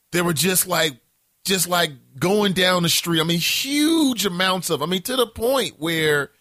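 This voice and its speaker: Guy hosting a morning show, swoopy lively delivery, bright edge. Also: sits high, no room sound, clean studio sound. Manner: animated storytelling, profane, laughs at himself. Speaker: host. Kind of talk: casual morning talk show monologue.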